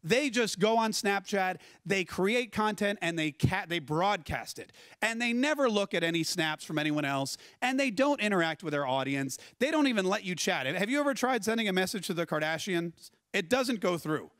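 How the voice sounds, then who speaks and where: A man giving a conference keynote talk, telling stories in a lively, conversational way and putting questions to the audience. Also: high-pitched, normal speed, no room sound. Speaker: keynote speaker. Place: conference stage.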